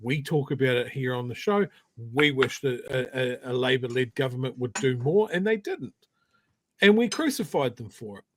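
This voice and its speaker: Animated New Zealand co-host who swears. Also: male voice, mid-range voice, moderate pace, a little hiss or hum. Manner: animated, swears, stumbling restarts. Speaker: podcast co-host. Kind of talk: casual political chat.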